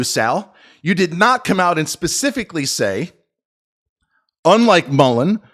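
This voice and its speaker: Middle-aged man, high-pitched, profane and combative stock-video commentator. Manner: profane, combative, swings between loud jabs and low muttered asides. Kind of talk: ranting market commentary video.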